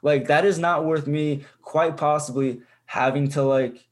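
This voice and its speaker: A man's voice: fairly high pitch, steady tone, unhurried. A young adult man on a podcast, chatting in a rambling, profane way, full of fillers and restarts. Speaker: podcast co-host. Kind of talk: casual chat.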